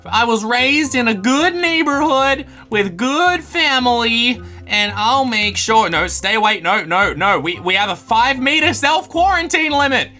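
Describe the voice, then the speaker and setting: A man giving excited gameplay commentary as host, hyper and playful, yelping and joking as he plays. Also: very high voice, unhurried, hardly any pauses, faint music behind. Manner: hyper, playful, yelps and jokes. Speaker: gaming video host.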